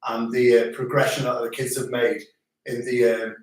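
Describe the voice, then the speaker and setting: A man's voice: medium pitch, level tone, moderate pace, far from the mic. A middle-aged man, joining his brother's livestream and chatting in an easygoing, jokey way. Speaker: host's visiting brother. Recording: echoey room, away from the mic.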